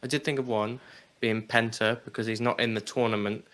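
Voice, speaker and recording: A man co-hosting a casual wrestling talk show, animated and quick to laugh and swear. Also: mid-range voice, crowd noise. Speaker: podcast co-host.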